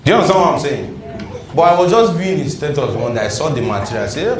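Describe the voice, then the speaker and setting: A man's voice: a little high, expressive, fast, slight background noise. A man, teaching a sales class and quizzing his audience. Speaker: sales trainer. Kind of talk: classroom lecture.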